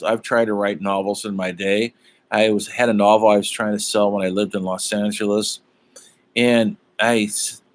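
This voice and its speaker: A middle-aged man with a somewhat low voice gives a college humanities lecture for online students. He talks casually and drifts into personal asides, filling pauses with ums and uhs. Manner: rambling, chatty, many fillers and asides.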